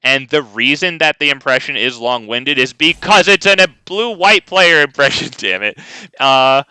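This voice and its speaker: A man's voice: medium pitch, lively intonation, moderate pace, bright, forceful tone, smooth, dry recording. A man streaming a card game, ranting casually and talking to his chat. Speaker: gaming streamer. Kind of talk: casual live gameplay commentary.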